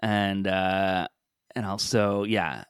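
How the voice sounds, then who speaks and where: A man's voice: sits low, fairly even intonation, very slow, smooth, no echo, clean studio sound. A man co-hosting a podcast in casual chat, joking and laughing often. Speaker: podcast co-host.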